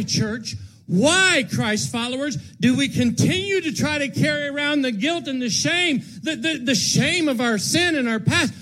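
A man preaching an Easter sermon to his congregation, moving from hushed tones to shouts and repeating his words for emphasis. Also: very high voice, expressive, moderate pace. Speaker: pastor. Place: church sanctuary with congregation.

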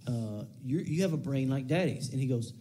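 A pastor in his thirties gives a casual, conversational sermon, often repeating phrases and slipping into whiny, acted-out prayers. His mid-range voice is expressive at a normal speed, with heavy background noise behind it.

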